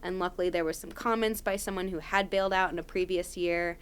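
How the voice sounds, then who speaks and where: A woman's voice: fairly low pitch, fairly even intonation, quick pace, clean tone. A young adult woman, a podcast guest, telling a story casually and animatedly with lots of "like" fillers.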